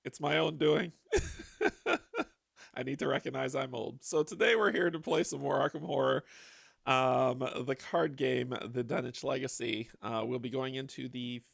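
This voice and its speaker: A man hosting a livestream, his voice hoarse and raspy with a heavy gravelly fry. He chats loosely with viewers and laughs often. The sound is dry and close, with no room echo. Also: mid-range voice, steady tone, normal speed, a bit bright. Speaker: host. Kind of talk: casual livestream chat.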